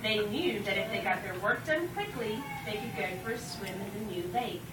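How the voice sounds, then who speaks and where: A woman telling a folk tale live to an audience, expressive and shouting the story's commands. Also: mid-range voice, moderate pace, background noise. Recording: roomy live recording from far off over loud music.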